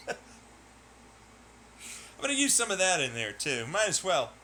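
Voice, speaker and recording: A man's voice: high voice, huge pitch swings, unhurried, bright, forceful tone, slight background noise. A young man streaming alone, rambling while he plays, swearing, laughing and ranting in irritation. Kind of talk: rambling solo talk while playing.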